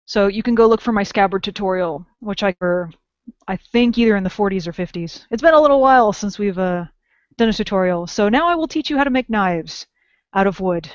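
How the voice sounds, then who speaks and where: A woman's voice: medium pitch, lively intonation, brisk, dry recording. A woman co-hosting a podcast in casual chat, wry and self-mocking as she explains crafting tips. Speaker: podcast co-host. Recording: dull lo-fi dry podcast audio.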